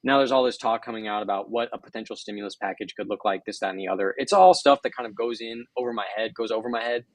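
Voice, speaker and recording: A man's voice: lowish voice, fast talker, hardly any pauses, no echo. A man as an interview guest, explaining market data fluently and step by step. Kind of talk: casual interview commentary.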